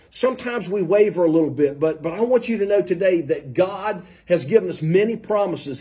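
A man's voice: high voice, mellow. A man preaching a sermon in a conversational way, with many fillers and restarts as he retells a scripture passage.

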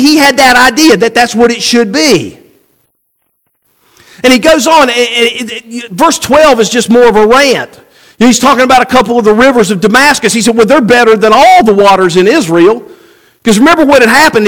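A man's voice: very high-pitched, a bit bright. A man preaching a sermon, asking rhetorical questions and acting out quoted voices. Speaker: pastor.

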